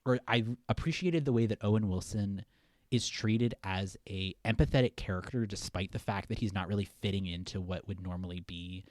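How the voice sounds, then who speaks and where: This young podcast co-host has a fairly low voice and speaks a little fast, captured in clean studio quality with no echo. He rambles casually about a film, using plenty of fillers.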